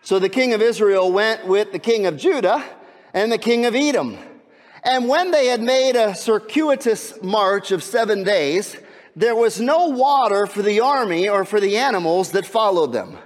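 A man preaching a sermon as a pastor, telling a Bible story in a lively way and asking the congregation questions. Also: high voice, moderate pace, in a large hall. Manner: animated storyteller, asks the crowd questions.

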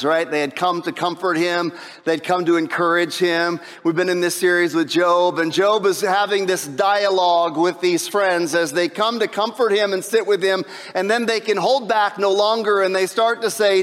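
A man preaching a sermon as a pastor, lively and emphatic, with shouted high points and a habit of asking "right?". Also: moderate pace, long reverb tail.

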